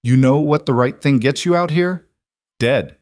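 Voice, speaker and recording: A man voicing a cold, treacherous male ranch hand with a gun, speaking calmly and bitterly. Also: mid-range voice, unhurried, dry recording, studio quality, voice pushed up, natural voice.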